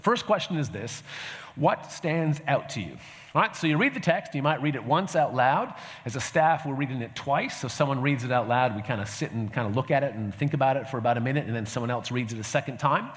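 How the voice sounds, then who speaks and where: A man's voice: medium pitch, expressive, fast talker. A man giving a conversational teaching talk to a church group, often checking in with the audience. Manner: conversational, fillers and restarts, asks audience "right?". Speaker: pastor. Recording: reverberant hall sound.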